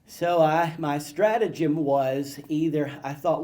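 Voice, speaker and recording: Animated man telling stories. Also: on the high side, slow pace, few pauses. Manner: animated, self-mocking storyteller acting out childhood scenes. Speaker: guest speaker. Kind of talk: storytelling talk to an audience. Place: event hall with live audience.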